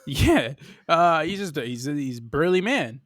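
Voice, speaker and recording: A man from Boston co-hosting a podcast in casual chat, animated and laughing, with rambling asides and the odd swear word. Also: a little high, moderate pace, no room sound, clean studio sound. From Boston, USA. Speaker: podcast co-host.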